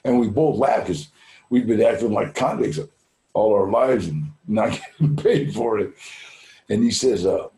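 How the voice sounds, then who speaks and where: Gravelly older man telling stories. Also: on the low side, unhurried, dark tone, echoey room. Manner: laid-back, sprinkles "man" and "you know", acts out voices in his stories. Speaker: guest speaker at a recovery fundraiser. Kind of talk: casual anecdotal storytelling.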